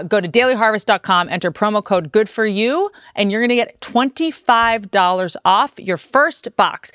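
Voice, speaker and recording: A woman's voice: medium pitch, fairly bright tone, clean tone, dry recording, studio quality. A woman in her thirties hosting a podcast, chatting casually with blunt, crude jokes. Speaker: podcast host. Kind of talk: casual chat and read ad.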